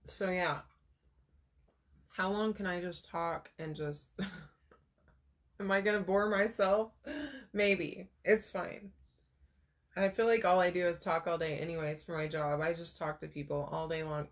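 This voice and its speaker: A woman in her thirties chatting casually while crafting, telling rambling personal stories with lots of fillers. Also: lowish voice. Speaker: crafter vlogger.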